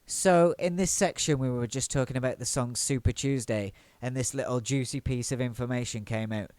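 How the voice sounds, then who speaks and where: A man's voice: medium pitch, normal speed, darkish tone, clear, resonant tone, no room sound. A man hosting a podcast, steering the conversation and explaining the edits. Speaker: podcast host.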